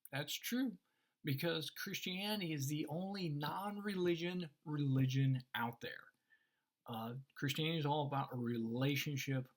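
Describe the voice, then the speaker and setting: A man in a casual faith discussion, explaining Christian ideas and acting out the voices in his stories. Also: on the high side. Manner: animated storyteller, acts out voices in anecdotes. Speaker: Christian teacher.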